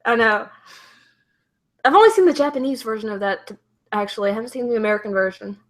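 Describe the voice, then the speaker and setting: A woman's voice: fairly high pitch, fast talker. A woman hosting a YouTube channel, chatting casually with a guest in a playful, giggly way. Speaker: YouTube host. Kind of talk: casual chat.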